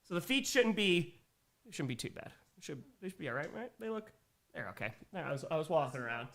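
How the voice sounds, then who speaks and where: High, lively young man streaming. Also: fairly quick, gravelly. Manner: giggly, rambling, thanks donors. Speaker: livestream host. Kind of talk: casual livestream chat.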